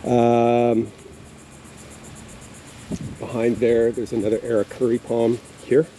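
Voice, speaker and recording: Rambling man with a dark voice. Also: medium pitch, monotone, slow, rough recording. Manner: rambling, hesitant, with many fillers. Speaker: homeowner giving a garden tour. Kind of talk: casual walking tour narration. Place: outdoors in a backyard garden. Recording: faint outdoor insect noise.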